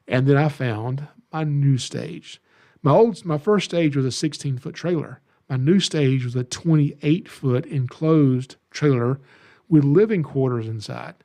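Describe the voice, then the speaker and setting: A man's voice: mid-range voice, a little slow, warm tone. A middle-aged man from Georgia with a Southern accent, hosting a podcast and telling folksy, self-deprecating stories in a casual monologue. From Georgia, USA. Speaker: podcast host, snake educator.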